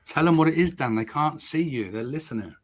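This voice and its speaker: A man co-hosting a casual podcast from a dark home studio, teasing his co-host in a playful way. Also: expressive, a little fast. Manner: teasing, playful, jumps up in pitch for jokes. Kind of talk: casual chat.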